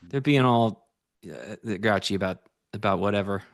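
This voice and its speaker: A man's voice: lowish voice, moderate pace, gravelly, no echo, clean studio sound. A man co-hosting a live futures trading stream, chatting easily and laughing often. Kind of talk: casual live-stream banter.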